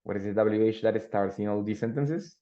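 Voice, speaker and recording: A man's voice: lowish voice, fairly quick, mellow. Man teaching English. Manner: explains with many tag questions and fillers. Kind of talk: online English class explanation. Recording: dull lo-fi audio.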